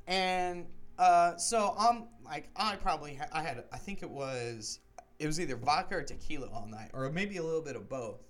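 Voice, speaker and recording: Young guy on a podcast going off about his roommate, high voice, swears a ton, gets loud. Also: animated, moderate pace, slight background noise. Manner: heated, profane, rising to shouts when retelling arguments. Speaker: podcast co-host. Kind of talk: casual podcast rant.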